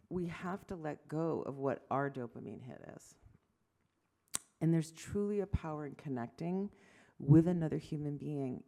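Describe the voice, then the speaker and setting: A woman in her fifties, a physician giving an award lecture, telling animated stories, acting out conversations and making self-deprecating asides. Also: low-pitched, vocal fry. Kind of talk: lecture to medical audience.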